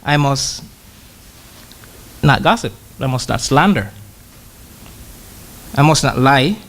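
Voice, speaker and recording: A man giving a conversational sermon who pauses often, repeats words and slows down to read scripture. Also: mid-range voice, animated, a bit bright. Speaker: church brother preaching.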